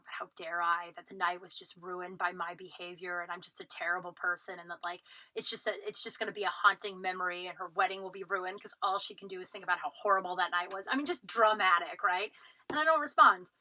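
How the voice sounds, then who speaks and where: A young woman spills a messy personal story on her podcast, swearing freely and voicing the other people in it. Her tone is piercingly bright, and the recording is dry and close with no room sound. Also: on the low side, brisk, no echo, rough recording. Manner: animated retelling, acts out quotes, frequent "like" fillers, swears freely. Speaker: podcast host. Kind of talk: casual storytelling monologue.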